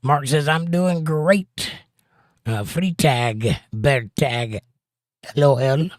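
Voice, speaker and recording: A man's voice: fairly high pitch, slow pace, no echo, clean studio sound. A man hosting a casual livestream, greeting viewers by name and reading their chat messages aloud, with playful rhyming jokes.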